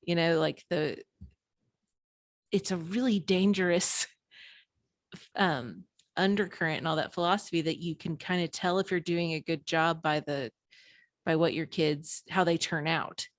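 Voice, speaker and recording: A woman's voice: sits low, steady tone, measured pace, long pauses, dry recording, clean studio sound. A woman in her thirties, speaking as an author and podcast guest, who talks frankly and with self-deprecating humor, often laughing between phrases. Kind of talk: candid conversational interview.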